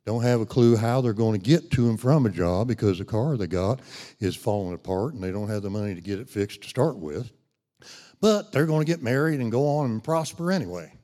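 A man's voice: on the low side, lively intonation, brisk, warm tone. A middle-aged man preaching a sermon, folksy and conversational, rising to emphatic when he reads scripture. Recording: long hall reverb.

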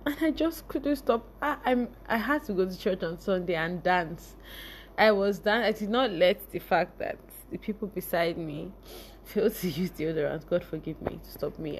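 A woman's voice: lowish voice, normal speed, a little hiss or hum. A young woman with a Nigerian accent telling a personal story to her viewers, often laughing and her voice rising and breaking with emotion. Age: young adult. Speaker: vlogger.

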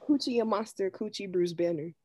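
A laid-back woman tossing out dry rhymes in casual chat. Her voice is dark and husky. The sound is close and dead, with no room around it. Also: mid-range voice, a little fast, no room sound. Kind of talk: casual chat, rhyming word game.

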